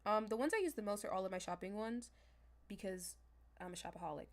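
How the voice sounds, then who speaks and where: A young woman chatting casually on a livestream as a manifestation coach, talking straight to her viewers in a loose, animated way. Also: medium pitch, fast. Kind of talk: casual livestream talk to chat.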